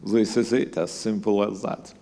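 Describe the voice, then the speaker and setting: Man, middle-aged, Russian accent, lowish voice, halting with fillers, dry humour, long hall reverb. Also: steady tone, mellow. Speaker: guest scientist. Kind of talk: live on-stage conversation. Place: museum event hall, live audience.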